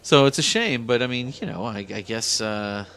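A man's voice: mid-range voice, gravelly, a bit bright. A man co-hosting a casual comedy chat, rambling and swearing freely. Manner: profane, rambling, quick. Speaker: podcast co-host.

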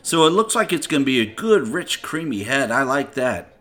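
A man's voice: mid-range voice, sing-song, moderate pace, fairly bright tone. A man hosting a podcast, tasting and rating a beer in a loose, profane, chatty way with lots of filler. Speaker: podcast host reviewing beer. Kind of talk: casual beer-tasting chat.

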